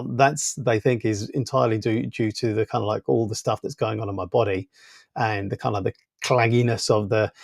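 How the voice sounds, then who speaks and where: Gravelly man chatting on a live stream. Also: medium pitch, a little mellow, no echo, studio quality. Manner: rambling, loose, full of fillers. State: voice weakened by congestion. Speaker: tech channel host. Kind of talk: casual live stream chat. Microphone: small wireless clip-on mic.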